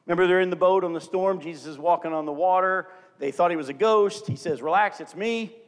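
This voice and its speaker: High-voiced male preacher in a reverberant hall. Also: quick pace. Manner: animated, acts out scripture quotes for the congregation. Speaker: pastor. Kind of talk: sermon.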